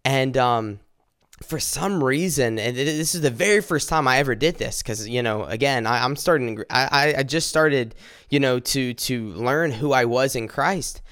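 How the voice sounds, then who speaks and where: A man earnestly telling a personal faith testimony, halting and restarting as he speaks directly to his listeners. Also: mid-range voice, a bit bright, clear, resonant tone, no echo, studio quality.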